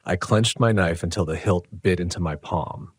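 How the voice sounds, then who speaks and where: Deep-voiced man narrating horror. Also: dry recording. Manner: tense, dramatic, measured. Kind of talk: first-person horror story narration.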